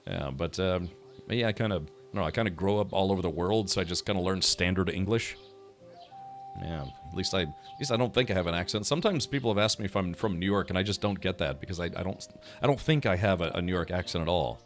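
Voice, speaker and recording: A man with a lower voice gives casual, rambling gameplay commentary, thinking aloud as he plays and answering his chat. Faint music runs underneath. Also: animated, fast talker. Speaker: streamer.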